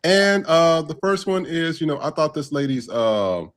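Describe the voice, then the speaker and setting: A man's voice: fairly high pitch, very animated, a little slow, a bit bright. A man hosting a live podcast panel, talking casually and loosely with many fillers. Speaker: podcast host. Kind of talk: casual live-stream chat.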